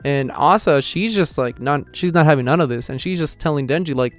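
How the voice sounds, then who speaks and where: A man's voice: on the high side, brisk, hardly any pauses, soft background music. Chatty man reviewing a manga chapter. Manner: rambling, lots of "like" and "you know" fillers; animated retelling of scenes. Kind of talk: casual chapter review and reaction.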